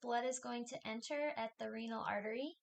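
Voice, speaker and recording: A woman's voice: a little high, a little fast, creaky. A woman instructor giving a recorded lecture, talking through a diagram step by step in a plain, explanatory way.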